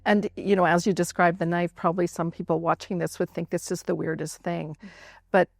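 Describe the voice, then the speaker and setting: A woman psychologist hosting an interview, responding in a calm, measured way. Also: fairly low pitch, creaky, dry recording, studio quality. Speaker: host and psychologist. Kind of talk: interview conversation.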